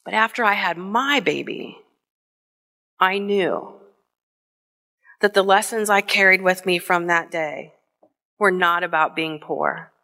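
A middle-aged woman from Northwest Ohio telling a personal story on stage, slow and deliberate with emotional pauses. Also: fairly low pitch, pushed and bright. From Northwest Ohio, USA. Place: theater stage before an audience.

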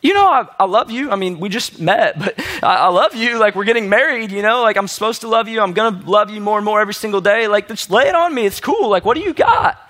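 A man's voice: high voice, expressive, fast talker, hardly any pauses, fairly bright tone. A man voicing a young Joseph, easygoing and playful, who talks in casual slang.

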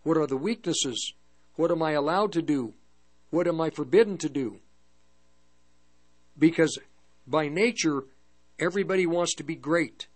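Older guy preaching, kinda high voice, halting story, restarts a lot, hum behind. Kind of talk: testimony sermon.

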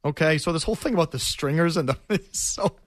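A man's voice: fairly high pitch, quick pace, dry recording, studio quality. A middle-aged man hosting a sports talk show, arguing his case emphatically and repeating himself for effect. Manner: emphatic, repetitive, argumentative.

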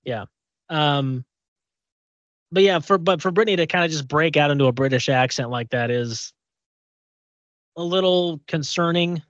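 A man's voice: a little high, unhurried, long pauses, fairly bright tone, no echo, highs cut off. A man co-hosting a podcast, talking loosely and conversationally about celebrity gossip. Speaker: podcast co-host. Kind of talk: casual gossip chat.

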